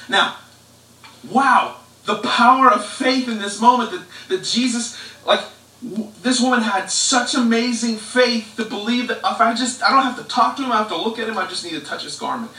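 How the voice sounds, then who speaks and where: High, bright-voiced pastor preaching from afar. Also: male voice, normal speed. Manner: conversational preaching, fillers and restarts. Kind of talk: live-streamed sermon. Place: living room. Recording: echoey, distant living-room livestream.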